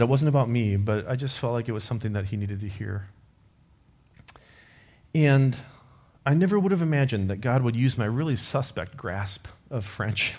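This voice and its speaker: A man preaching a sermon, telling a personal story in an earnest, conversational way and closing with a prayer. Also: medium pitch. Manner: closes in quiet prayer.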